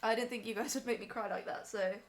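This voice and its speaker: A woman's voice: fairly high pitch, fairly even intonation, fast. A young woman on a live stream, emotional and teary as she talks to her chat from home.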